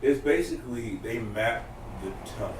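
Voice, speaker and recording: A man's voice: medium pitch, moderate pace, recorded from a distance. A man chatting casually in a loose, profane, rambling way. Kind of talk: casual podcast chat. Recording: roomy, off-mic, faint room noise.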